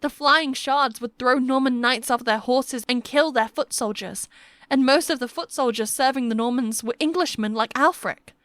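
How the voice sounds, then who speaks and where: A woman's voice: high-pitched, moderate pace, a bit bright, dry recording. Woman narrating an audiobook, dry and close.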